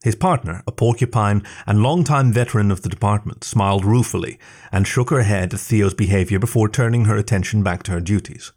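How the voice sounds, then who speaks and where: A man reading a story aloud in slow, even narration. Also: fairly low pitch. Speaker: story reader. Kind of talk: scripted narration.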